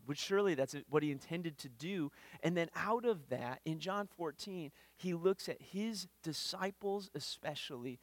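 An earnest man preaches a sermon at church as the pastor, often repeating words at the start of phrases. He has a medium-pitched voice, recorded dry and close with no echo.

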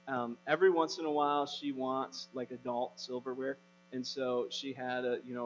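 A man in his thirties, a pastor, preaching a sermon in a conversational storytelling way that rises to emphatic preaching. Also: medium pitch. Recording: dull, hum, long reverb.

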